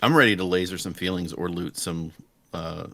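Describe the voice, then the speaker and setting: A man's voice: sits low, normal speed, no room sound. A man playing in a streamed tabletop role-playing game, joking and riffing playfully with the group. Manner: playful and animated, riffing on jokes. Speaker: player.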